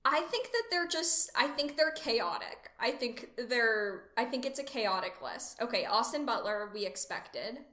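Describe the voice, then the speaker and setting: A woman co-host talks films in relaxed conversation, opinionated and quick to laugh. Her voice is bright and forceful. The room around her adds a noticeable echo. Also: a little high. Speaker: podcast co-host. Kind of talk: casual film chat.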